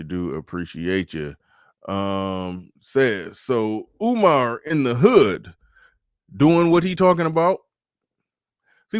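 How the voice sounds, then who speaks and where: A man's voice: mid-range voice, no echo, clean studio sound. Emphatic man hosting a livestream. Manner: emphatic, repeats phrases and stammers on restarts. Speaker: livestream host reading super chats. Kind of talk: casual livestream commentary.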